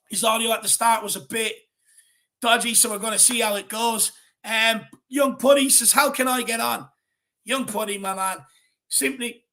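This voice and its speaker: A man's voice: very high-pitched, bright, forceful tone. A man with an Irish accent hosting a football fan show, talking casually and energetically, calling people "my man" and "brother.".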